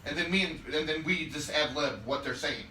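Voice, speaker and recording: A man's voice: a little high, normal speed, bright, forceful tone, distant mic. A man chatting casually on a podcast, rambling and swearing, full of fillers and restarts. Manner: rambling, profane, trailing off with fillers. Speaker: podcast co-host. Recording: roomy and noisy, away from the mic.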